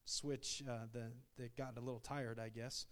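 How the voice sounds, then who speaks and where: Male missionary preacher, mid-pitched, folksy storyteller, swells into loud "Amen" refrains. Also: level tone, normal speed. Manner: folksy, many "uh" fillers, rising to loud "Amen" calls. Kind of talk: sermon.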